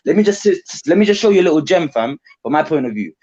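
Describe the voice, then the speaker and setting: Fast-talking man, rambling, lo-fi. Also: on the high side, expressive, a little mellow. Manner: rambling, repetitive, slang-heavy. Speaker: panel guest. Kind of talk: live online panel chat.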